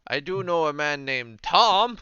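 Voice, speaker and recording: A man's voice: a little high, expressive, a little slow, sharp tone, clear, resonant tone, lo-fi sound. A man voicing a curious stranger who is following a parrot across the docks. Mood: puzzled.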